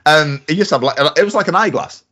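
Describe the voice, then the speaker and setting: Man, 40s, casual rambling chat, animated intonation. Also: on the high side, fast talker. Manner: rambling storyteller, lots of fillers and restarts. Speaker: podcast co-host.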